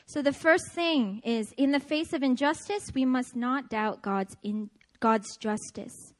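A woman giving a testimony-style sermon at a prayer meeting, energetic and emphatic, often laughing as she speaks. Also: sits high, a little slow. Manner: emphatic, repetitive preaching cadence.

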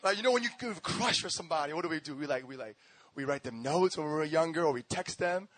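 A fast-talking young man with a slightly high voice preaches a spirited sermon against a noisy background. Storytelling, acted-out voices and frequent laughter fill it, all driven by repetitive, rhythmic emphasis.

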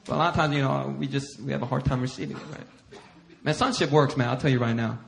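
A middle-aged male pastor preaching a sermon. He tells stories against himself in an animated way and acts out what other people said. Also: medium pitch, fast, gravelly. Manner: animated self-deprecating storytelling, acting out others' lines. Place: church sanctuary.

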